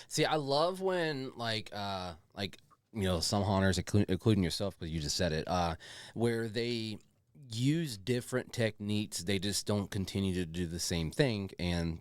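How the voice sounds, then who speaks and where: A man's voice: sits low, normal speed, no room sound. A man co-hosting a podcast in loose, enthusiastic casual chat, swearing and saying "dude" often. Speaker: podcast co-host.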